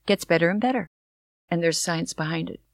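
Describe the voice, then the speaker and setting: A woman's voice: lowish voice, a little fast, dry recording, studio quality. Wry older woman podcast co-host. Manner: wry, self-mocking humor. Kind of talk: casual chat.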